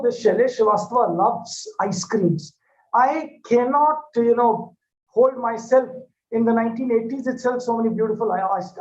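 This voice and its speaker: A man with an Indian English accent giving a devotional talk in a satsang hall, telling stories and addressing listeners with many filler pauses. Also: very high-pitched, a little mellow. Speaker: spiritual speaker. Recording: echoey dull lo-fi hall recording.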